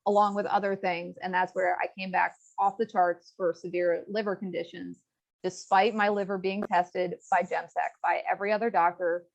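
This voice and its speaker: A woman's voice: fairly low pitch, moderate pace, creaky. A young woman from rural Virginia, a guest telling her health story in a candid, earnest interview. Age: young adult. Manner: earnest, frank, quotes others in lively asides. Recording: slightly dull lo-fi audio.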